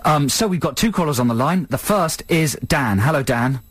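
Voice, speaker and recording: A man's voice: a little high, expressive, moderate pace, fairly bright tone, slightly rough, dry recording. A man co-hosting a radio show, chatting playfully and teasing callers. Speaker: radio host. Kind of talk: casual radio banter.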